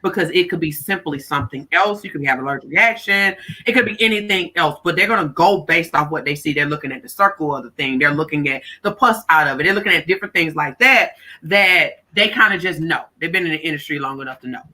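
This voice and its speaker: A woman in her thirties tells a candid personal story, lively and expressive. Her voice is bright and forward, and she slips into the voices of people she quotes. Nothing in her tone stays flat for long. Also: deep voice, quick pace. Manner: animated, acts out other people's words in her telling. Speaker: guest life coach.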